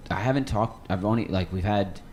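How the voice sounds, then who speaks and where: A man's voice: fairly low pitch, fairly quick, a little hiss or hum. A man hosting a casual podcast conversation, talking in a loose, affirming way with lots of "like". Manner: animated, filler-heavy, affirming. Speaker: podcast host.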